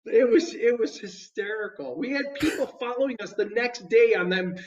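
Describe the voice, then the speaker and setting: A man, a guest musician, telling stories in casual chat, animated and laughing often, with many restarts. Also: extremely high pitch, moderate pace, lo-fi sound. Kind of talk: casual storytelling. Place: podcast studio.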